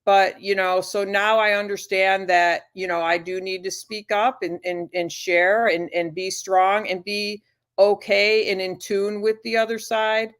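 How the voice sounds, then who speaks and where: Gentle, halting woman guest. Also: mid-range voice, little pitch movement, clean tone. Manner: gentle, halting, self-described shy. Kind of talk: casual talk-show conversation.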